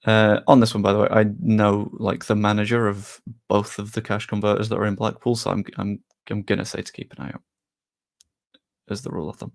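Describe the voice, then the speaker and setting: A man's voice: on the low side, flat delivery, a little fast, vocal fry. A man chatting casually on a live stream, rambling a little and answering viewers' messages. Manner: rambling, reads chat aloud and answers it.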